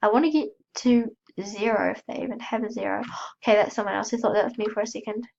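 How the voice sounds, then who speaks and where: A woman's voice: mid-range voice, fairly even intonation, fast, gravelly, a little mellow, dull audio. Stuffy-voiced woman narrating her gameplay. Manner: chatty, self-mocking, gasps and squeals when startled. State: has a cold. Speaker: gaming channel host. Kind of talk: casual gameplay commentary.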